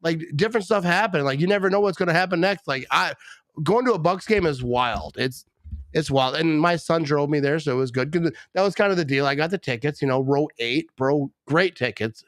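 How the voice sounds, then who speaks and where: A middle-aged podcast host from Wisconsin, a little tipsy and rambling through casual talk. His voice sits fairly high for a man. The sound is dry and close. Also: a little fast, a bit bright, dry recording. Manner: rambling, loose, full of "like" and "bro".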